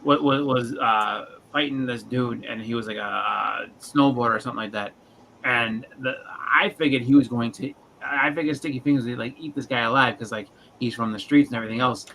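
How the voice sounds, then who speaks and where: A man's voice: mid-range voice, fairly quick, creaky, pushed and bright, a little hiss or hum, rough recording. A man chatting casually on a livestream, telling rambling stories and acting out quotes in funny voices. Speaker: livestream co-host. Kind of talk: casual chat.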